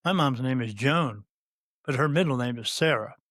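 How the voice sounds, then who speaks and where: Man in his fifties telling a story haltingly. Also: mid-range voice, a bit bright, no room sound. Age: 50s. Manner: halting, many "uh" fillers and restarts, acts out quoted dialogue. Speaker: guest, spirit medium. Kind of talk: casual storytelling in an interview.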